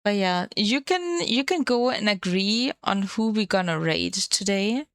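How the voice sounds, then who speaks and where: A woman's voice: medium pitch, animated, a little slow, a bit bright, clean tone, no echo. A woman streamer chatting casually on a live stream, playful and swearing freely into a desk microphone.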